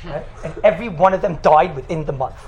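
A man who teaches in a yeshiva, telling stories in a lively talk and acting out the quotes. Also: on the high side, quick pace, muffled recording. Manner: animated, acts out the quotes in his stories. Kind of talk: storytelling talk. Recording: echoey room with faint background noise.

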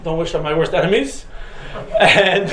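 A man with a high voice tells a class a personal story, casual and humorous, with plenty of fillers. He sounds like he's in a roomy, echoing space with a faint hiss behind him. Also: normal speed. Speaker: Torah teacher.

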